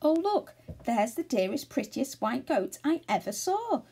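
A giggly young storybook girl, played by a woman reading aloud, gushing in a high, bright-pitched lift. The reader's own dark, husky tone shows through. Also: very animated, measured pace, full character voice. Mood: delighted. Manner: gushing and delighted.

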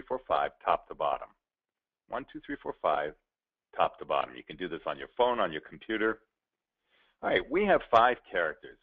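A male professional speaker leads a playful, interactive talk and chuckles as he speaks to his listeners. His voice is on the low side and heard through a thin, phone-like recording. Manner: playful, chuckling, addresses the audience. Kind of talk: interactive storytelling presentation. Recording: tinny narrow-band recording.

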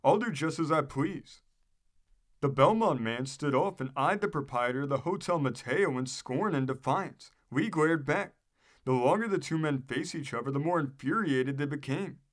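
A man narrating an old newspaper article in a steady, measured reading voice. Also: fairly high pitch. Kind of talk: read-aloud narration.

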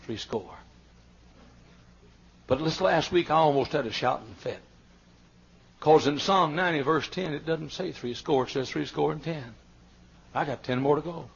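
An older male Southern American pastor preaching a sermon, telling stories and swinging between quiet asides and shouted climaxes. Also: a little high, animated, normal speed, vocal fry, pauses often, husky. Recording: dull lo-fi archival sermon tape.

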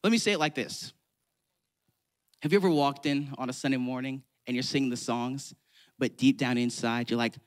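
A man's voice: mid-range voice, normal speed. A man preaching a sermon to a church congregation, conversational and playful, acting out mock prayers. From California. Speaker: pastor.

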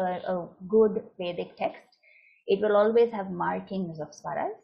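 Woman, lecture over slides, patient explainer, gravelly tone, muffled lo-fi recording. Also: mid-range voice. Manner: patient, explanatory, checks in with "right?". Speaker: yoga and chanting teacher.

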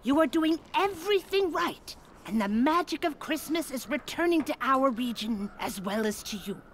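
A man voicing a gentle woman in a game, in a soft, airy falsetto with a quick, mock-solemn delivery. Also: expressive, a little hiss or hum.

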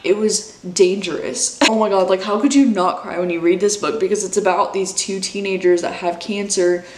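Twenties gal vlogging about books, gushy and emotional, says like and dude a ton, kinda echoey room. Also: female voice, mid-range voice, steady tone, normal speed. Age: 20s. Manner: gushing, emotional, sprinkled with "like" and "dude". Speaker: book vlogger. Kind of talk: casual chat.

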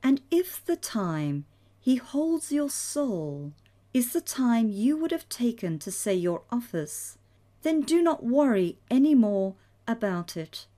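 A gentle, reassuring old priest, as a woman reader puts him on speaks in an unhurried, fatherly way. His voice sinks low and warm on words of comfort, with a lively rise and fall through each sentence. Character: kindly older male priest, gentle and reassuring.

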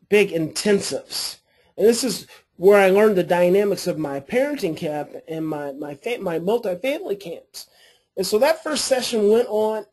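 A man, an adoption coach and therapist, telling a story to his class in a lively way and acting out the people in it. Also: high-pitched. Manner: animated storytelling, acts out quoted voices.

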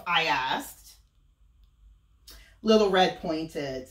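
A woman teacher reading a storybook aloud to students, expressive and stopping to ask them questions. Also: deep voice, slow pace. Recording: roomy, from a distance.

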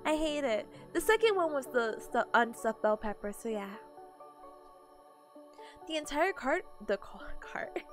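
A woman's voice: sits high, sing-song, measured pace, pauses often, faint music behind. A sleepy woman streamer chatting casually with her viewers, giggling often and greeting people in chat.

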